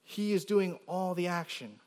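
A man with a somewhat high voice delivers a teaching sermon to his congregation. He explains each point step by step, keeps asking whether listeners follow, and punches the words he quotes with extra force. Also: a little slow, a little mellow. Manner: explanatory, rising emphasis on quoted words, frequent "right?" checks. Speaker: pastor.

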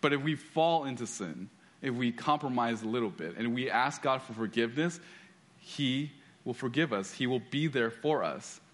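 A man's voice: mid-range voice, expressive, moderate pace, fairly bright tone. A man giving a sermon, telling stories with frequent restarts and reading scripture aloud. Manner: storytelling with repeated restarts. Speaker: pastor.

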